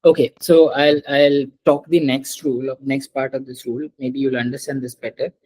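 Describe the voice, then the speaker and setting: A woman's voice: very deep voice, little pitch movement, normal speed, mellow, low-quality recording. A woman teaching French pronunciation to a small online class, patiently repeating and checking understanding over a video call.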